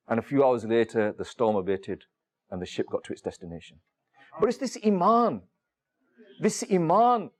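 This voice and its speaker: Man, high-pitched voice, sermon, storytelling, rhetorical questions, "you know" fillers. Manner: storytelling, addresses the audience directly with many rhetorical questions. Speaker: preacher. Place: room with a seated audience.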